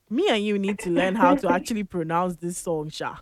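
A woman's voice: on the low side, no room sound, clean studio sound. A woman hosting a morning radio call-in show, chatting playfully with callers and laughing often. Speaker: radio host.

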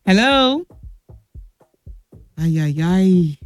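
A woman's voice: lowish voice, lively intonation, extremely slow, no echo, faint music behind. A woman hosting a children's radio call-in show, playful and teasing, laughing often and calling the callers pet names. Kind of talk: lively radio call-in chat.

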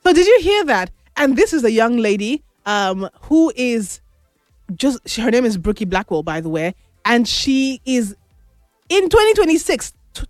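A woman's voice: a little high, no room sound, clean studio sound. A woman hosting a show, chatting casually and asking her listeners questions. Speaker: host. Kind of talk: casual on-air talk.

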